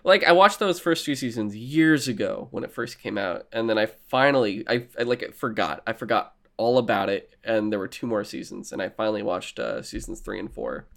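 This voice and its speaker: A man's voice: lowish voice, normal speed, gravelly, hardly any pauses, fairly bright tone. A man co-hosting a casual chat about TV shows, rambling and swearing, acting out his own reactions. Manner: rambling, profane, acts out reactions in quoted voices. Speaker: podcast co-host.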